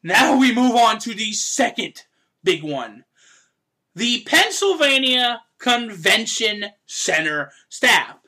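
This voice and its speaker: A woman hosting a podcast, ranting in an animated, exasperated way with loud outbursts. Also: fairly high pitch, takes it slowly. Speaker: podcast host. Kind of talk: casual podcast rant.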